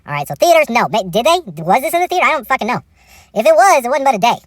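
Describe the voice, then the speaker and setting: A woman's voice: high voice, very animated, very fast, no echo, studio quality. A woman hosting a comedic movie review, rambling and profane, laughing often, and a little tipsy. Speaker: host.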